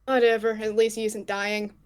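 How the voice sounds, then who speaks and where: A woman's voice: mid-range voice, level tone, normal speed, smooth, natural voice. A woman voicing a weary, sarcastic young man, speaking dryly and with exasperation in a casual fanfic reading with friends. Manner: dry, exasperated.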